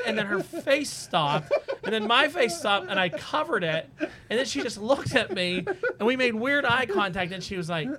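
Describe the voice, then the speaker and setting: A man with a slightly high voice tells a long story on a casual podcast. He talks loosely and chats with his co-hosts. He laughs as he goes. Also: expressive, normal speed, over a noisy crowd. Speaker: podcast host. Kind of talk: casual chat.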